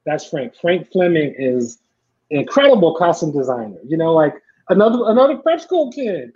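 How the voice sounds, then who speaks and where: A middle-aged man telling stories in a casual chat, acting out the people he quotes in lively voices. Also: on the high side, normal speed, husky. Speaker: podcast guest, filmmaker. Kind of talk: casual storytelling. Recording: dull lo-fi sound.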